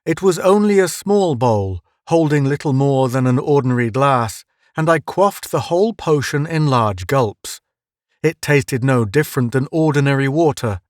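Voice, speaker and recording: A man narrating a first-person story for an audiobook in a measured, dramatic manner. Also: medium pitch, lively intonation, no room sound, clean studio sound.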